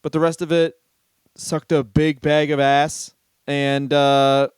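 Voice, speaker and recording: Smooth, crude-joking male podcast co-host. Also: on the high side, little pitch movement, slow pace, dry recording, clean studio sound. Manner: crude, profane, riffing jokes. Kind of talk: casual comedic chat.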